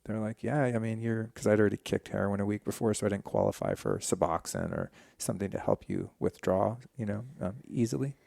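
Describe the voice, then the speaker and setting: A man's voice: fairly low pitch, a little fast, creaky, few pauses, dry recording. A man in his forties, a podcast guest, candidly telling a personal story in a casual, profane way. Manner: candid, profane, animated retelling.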